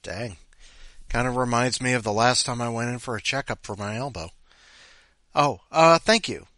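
A man's voice: medium pitch, normal speed, pushed and bright, no room sound, clean studio sound. A man hosting a podcast, chatting casually and rambling playfully. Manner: rambling, playful, talks to his cat. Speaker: podcast host. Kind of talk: casual chat.

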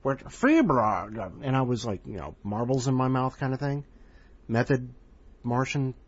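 A man's voice: mid-range voice, moderate pace, darkish tone, muffled recording. A man hosting a podcast, rambling and self-deprecating between segments. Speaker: podcast host.

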